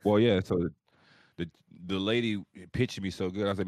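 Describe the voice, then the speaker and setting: Deep-voiced man telling a rambling story. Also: moderate pace, no room sound, studio quality. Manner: rambling, profane, animated storyteller. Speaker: podcast co-host. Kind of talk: casual storytelling chat.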